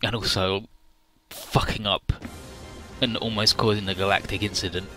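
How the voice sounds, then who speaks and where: A man chatting casually, retelling a story with animated energy, swearing and mimicking the characters. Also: on the low side, moderate pace, faint music behind. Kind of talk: casual chat.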